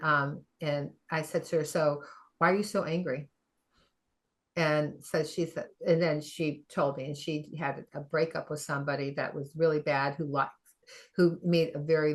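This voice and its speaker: A middle-aged woman with a deep voice, a functional medicine practitioner, tells a story conversationally. She's animated, acts out the quoted dialogue, and laughs often.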